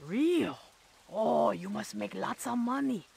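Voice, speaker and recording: An actor playing a pushy male street fish seller in a video game, speaking in broken sales-pitch English. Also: lively intonation, takes it slowly, gravelly, darkish tone, husky, exaggerated voice. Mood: sly.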